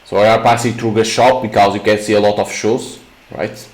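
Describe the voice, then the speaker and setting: A man's voice: fairly low pitch, little pitch movement, brisk, a little hiss or hum, rough recording. A male gaming host reading a visual novel aloud and breaking off with blunt comments. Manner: reads game text aloud, breaks off with blunt asides.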